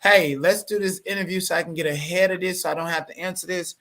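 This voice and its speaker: A man with a bright, fairly high voice, talking as a guest in a heated interview. He is animated and profane and circles back over the same words as he presses his point. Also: fast. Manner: animated, profane, repeats words when worked up.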